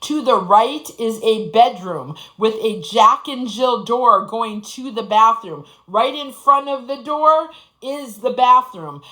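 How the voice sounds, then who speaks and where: A woman's voice: on the high side, sharp tone, poor audio. A woman in her forties giving an impassioned, profane personal testimony, repeating phrases for emphasis. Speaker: speaker sharing her story.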